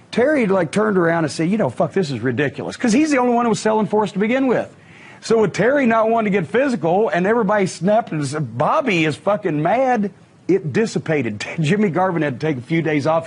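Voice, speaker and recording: A middle-aged man spins a profane, animated wrestling yarn, his voice pitched high. He has a husky, breathy edge. He acts out every quote as he goes. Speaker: wrestling manager telling stories. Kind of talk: casual storytelling on a podcast.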